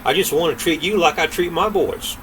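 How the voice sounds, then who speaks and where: A man's voice: a little high, a little fast, a bit bright, distant mic, slight background noise, pitched above the performer's own voice, lightly acted, poor audio. An older grandfather reading aloud, voicing a sweetly scheming old giant woman in a coaxing tone. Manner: coaxing, sugary.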